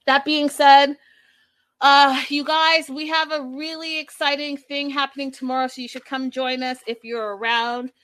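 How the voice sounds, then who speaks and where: A woman's voice: sits high, flat delivery, moderate pace, fairly bright tone. A woman hosting a reaction show in casual commentary, speaking emphatically and with exasperation, repeating her points.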